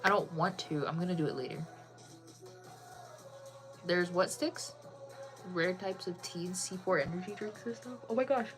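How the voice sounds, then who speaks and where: A woman's voice: lowish voice, normal speed, long pauses, fairly bright tone, soft background music. A woman chatting casually with viewers on a live stream, bubbly and full of "like" fillers.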